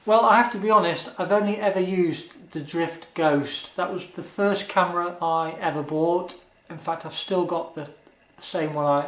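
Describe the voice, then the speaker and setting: A man chats through viewer questions in an easygoing vlog, earnest and a little hesitant with frequent ums. His voice sits slightly high for a man. The sound bounces around an echoey room. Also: fairly bright tone. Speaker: motovlogger answering viewer questions. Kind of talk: casual Q&A vlog.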